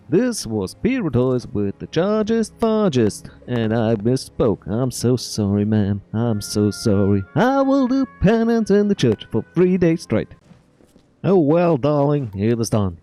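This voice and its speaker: A man's voice: medium pitch, big pitch swings, takes it slowly, warm tone, soft background music. A man putting on a flamboyant, theatrical character voice, camp and over the top.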